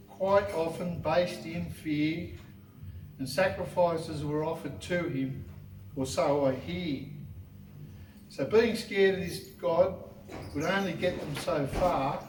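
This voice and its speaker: Wry man reading rhyming poems. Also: fairly high pitch. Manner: wry, laughs at own lines. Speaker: open mic poet. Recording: echoey room, mic far off, faint noise.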